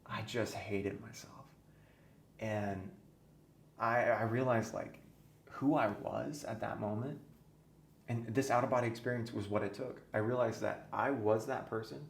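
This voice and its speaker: A man's voice: medium pitch, vocal fry. A man guest on a podcast, telling his own story earnestly and intensely, his voice sometimes sinking to a near-whisper. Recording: echoey room with faint noise.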